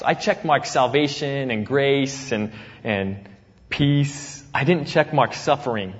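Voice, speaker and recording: Male pastor, mid pitch, lively conversational sermon, long hall echo, muffled lo-fi sound. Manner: animated, acts out the apostle's words with sudden loud jumps; laughs easily, conversational preaching.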